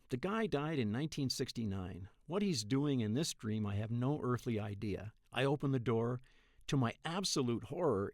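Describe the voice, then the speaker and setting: A man in his thirties narrating a first-person dream story in a wry, profane, deadpan way. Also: medium pitch, creaky, dry recording, clean studio sound. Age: 30s.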